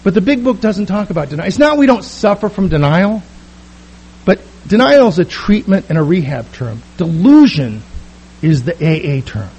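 A man's voice: sits high, very animated, moderate pace, darkish tone, husky, poor audio. A middle-aged man telling a comic, self-mocking personal story to a recovery meeting.

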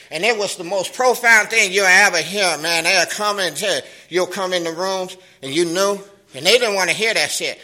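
A middle-aged man speaking African American Vernacular English, sharing his recovery story at a meeting in an animated, streetwise manner with profanity and laughter. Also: sits high, rough recording.

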